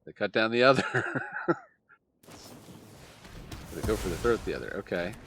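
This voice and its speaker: A man's voice: on the low side, animated, normal speed, fairly bright tone, soft background music. A man giving casual play-by-play commentary on a card game, muttering, sighing and laughing at the plays. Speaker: gameplay commentator.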